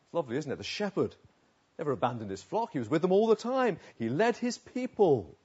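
An earnest male preacher delivers a sermon with a husky voice that swings widely up and down. He talks in an emphatic way and leans on repeated phrases. The sound is a little dull and lo-fi. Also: fairly high pitch, sing-song, a little fast, darkish tone. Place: outdoors.

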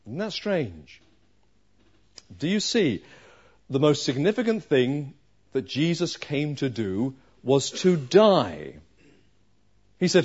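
A man preaching a sermon, slow and emphatic, with dramatic pauses. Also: a little high, very animated, darkish tone, husky, dull audio.

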